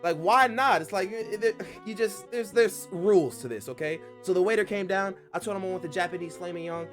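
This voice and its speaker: A man streamer telling a story animatedly to his audience, excitable and quick to burst into laughing outbursts, repeating lines for emphasis. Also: sits high, soft background music.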